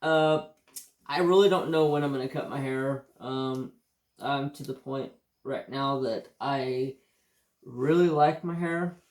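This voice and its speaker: An American man chats casually on his livestream, drawling and unhurried. He swears freely and tells stories with hiccups breaking in. The room around him sounds echoey. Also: medium pitch. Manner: rambling, profane, easygoing storytelling. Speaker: craft channel host.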